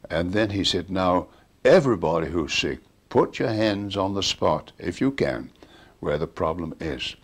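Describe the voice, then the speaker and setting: In a storytelling interview, an older man recounts a preacher's ministry, animatedly acting out the quoted dialogue of the people involved. His voice sits low and is husky, at a measured pace.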